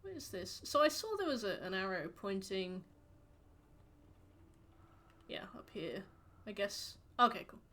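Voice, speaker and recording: Bright, chatty woman streamer. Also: mid-range voice, big pitch swings, a little slow, pauses often. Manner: chatty, greets chat, rambling and playful. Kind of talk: casual chat while gaming.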